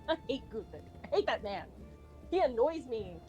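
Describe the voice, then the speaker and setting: Woman streamer, casual chat, rambling, animated, swears a bit, fairly high voice. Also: unhurried, faint music behind. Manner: rambling, with many fillers and restarts. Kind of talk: casual chat while drawing.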